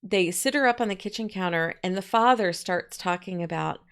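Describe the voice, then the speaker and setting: A woman teaching a poetry lesson in a chatty, folksy way, with asides and quick quoted voices. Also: medium pitch, a bit bright, smooth. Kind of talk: poetry lesson, casual explaining.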